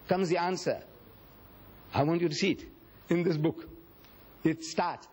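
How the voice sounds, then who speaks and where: A man's voice: fairly high pitch, animated, normal speed, darkish tone, slightly rough. A man from Africa, giving a public religious lecture and acting out quoted speech with dramatic storytelling. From South Africa. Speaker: Islamic lecturer.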